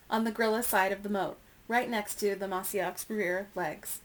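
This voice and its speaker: A woman reading a children's novel aloud with clear, expressive storytelling. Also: mid-range voice, moderate pace, hardly any pauses. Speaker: reader.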